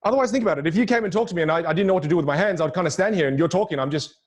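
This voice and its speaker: Lively, demonstrative man coaching public speaking. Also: very fast. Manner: lively, demonstrative, swings pitch widely for emphasis; repeats key phrases for emphasis. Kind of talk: presentation to a virtual audience.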